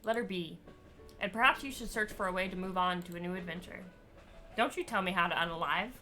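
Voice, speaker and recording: A woman's voice: fairly low pitch, a little fast, sharp tone, soft background music. A woman reading the lines of a blunt, scornful female ghost stuck at a train station. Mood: bitter.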